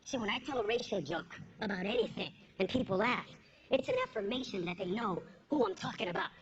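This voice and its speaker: A woman's voice: medium pitch, big pitch swings, fairly quick. A woman performing a stand-up comedy set on stage, punching out her lines and slipping into put-on voices for her jokes. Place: stage before a live audience. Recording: lo-fi with background noise.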